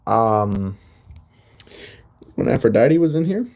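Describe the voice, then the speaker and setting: A man's voice: mid-range voice, sing-song, slow pace, vocal fry, darkish tone, lo-fi sound, exaggerated voice. A man voicing an eager, boyish young male demigod in a spoken fan story.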